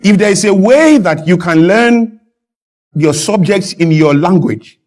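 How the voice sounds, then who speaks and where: A man, a guest speaking emphatically on a talk show and building to loud, animated peaks. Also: high-pitched, measured pace. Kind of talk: impassioned talk-show discussion.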